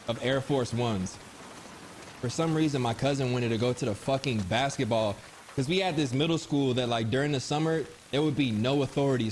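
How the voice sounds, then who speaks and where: A young man telling funny personal stories in a casual, slangy way, acting out what people said. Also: mid-range voice. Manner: animated, slangy, acts out quotes. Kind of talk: casual storytelling.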